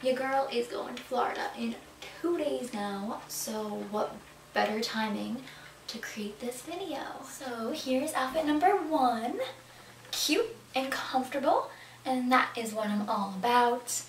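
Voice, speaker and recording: A woman's voice: a little high, animated, a little slow. A young woman chatting about her clothing haul in a bubbly way, sometimes dropping to a whisper for asides. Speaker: fashion vlogger. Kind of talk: casual clothing haul talk. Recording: echoey room, camera at a distance, faint background noise.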